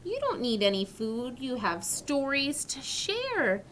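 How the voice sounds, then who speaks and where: A woman's voice: high voice, huge pitch swings, slow pace, fairly bright tone, slight background noise, heavily acted. A woman reading as a kind little mouse. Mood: reassuring.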